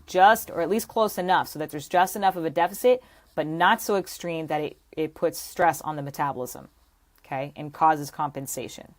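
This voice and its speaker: Woman, low-pitched voice, fitness coach, emphatic, repetitive, teaching to camera. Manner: emphatic, repeats points with frequent "okay?" and "right?".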